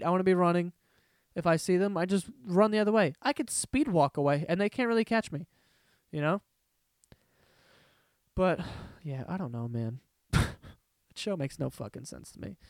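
A man's voice: high voice, dry recording. A man hosting a casual solo podcast, ranting in a profane, rambling way from a room at home. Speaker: podcast host.

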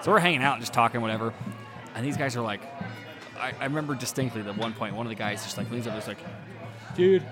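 A man's voice: mid-range voice, racing, music in the background. A man telling a long story in casual chat, rambling and profane, often laughing.

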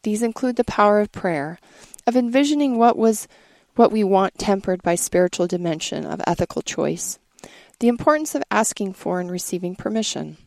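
A woman giving a measured, earnest scripted reading. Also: medium pitch, animated, creaky, a little mellow, no room sound.

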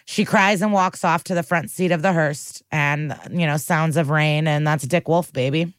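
A woman's voice: low voice, steady tone, normal speed, clean tone, no echo, studio quality. A woman co-hosting a podcast, recapping a TV episode in a chatty, profane way and acting out the characters' lines. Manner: chatty, profane, acts out quotes. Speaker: podcast co-host.

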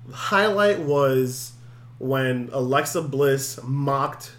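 A man hosting a podcast, recapping events in a casual, animated and jokey way. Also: mid-range voice, very slow. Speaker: podcast host. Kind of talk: casual wrestling recap chat.

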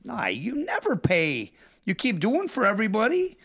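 A middle-aged man talking bluntly in a casual chat, telling stories with swearing and quick impressions of other people. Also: high-pitched, vocal fry, slightly rough. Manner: blunt, profane storytelling with lively impressions.

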